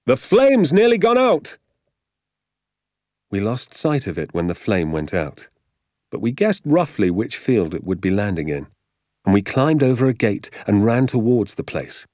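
A man narrating a storybook, his very deep voice moving through a wide, lively range. He tells it in a measured, expressive way, recorded close and dry. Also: dry recording. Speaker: audiobook narrator. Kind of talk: scripted narration.

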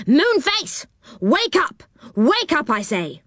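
Storybook figure: a woman playing a bossy, furious man yelling threats, lively high pitch. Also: measured pace, no echo, clean studio sound. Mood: shouting. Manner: loud scolding, high-pitched yells. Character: angry bossy grown-up man, shouting threats.

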